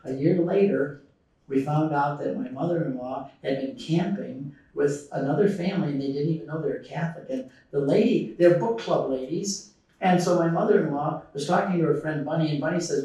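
A man's voice: fairly high pitch, fairly quick. A middle-aged man giving a conference talk and taking audience questions, telling stories and acting out quotes with animation. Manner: lively storytelling, acting out quotes. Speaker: conference speaker. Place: large conference hall. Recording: echoey hall from far off.

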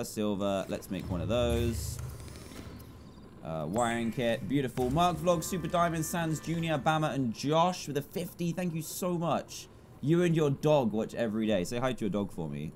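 A young man hosts a game stream in a medium-pitched voice. He rattles off viewer names and thanks them with quick chatty asides. A faint hum sits under his desk mic. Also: a little mellow. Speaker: gaming YouTuber reading donations. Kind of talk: livestream gameplay commentary.

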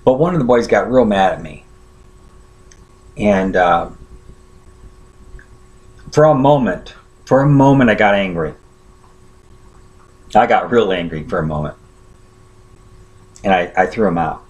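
A man's voice: lowish voice, lively intonation, measured pace, long pauses, a little mellow. A man preaching a sermon, telling a personal story in a conversational way and often checking in with his listeners.

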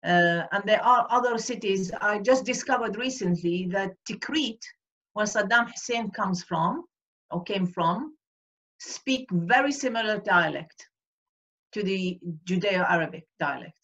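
A woman from Iraq, answering questions at an online event and often pausing to search for words. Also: medium pitch, expressive, fairly bright tone, muffled recording. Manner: hesitant, searching for words with many fillers. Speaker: guest speaker. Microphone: video call.

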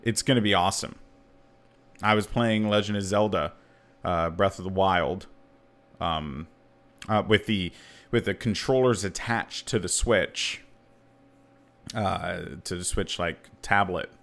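With a low-pitched voice, a man in his thirties hosts a podcast, speaking a little slowly and pausing often. The chat is casual and jokey, and he sounds animated, his voice leaping up whenever he wants to emphasize something.

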